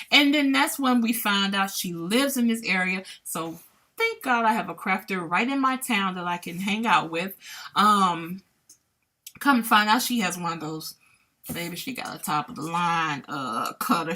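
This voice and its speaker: Woman podcast host just talking, bright voice kinda high, candid and chatty. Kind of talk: casual personal storytelling. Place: lives in Columbia.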